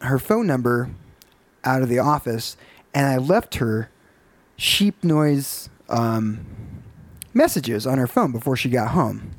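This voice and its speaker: A man telling a story in casual chat in a matter-of-fact, deadpan way. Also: medium pitch, takes it slowly, no echo.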